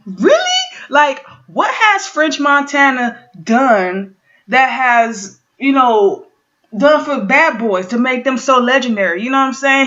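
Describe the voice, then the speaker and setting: A woman in her thirties ranting casually and profanely to her viewers as she recaps an awards show. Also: high-pitched. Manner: profane, excitable, talking straight to viewers. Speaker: vlogger. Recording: dull lo-fi home recording.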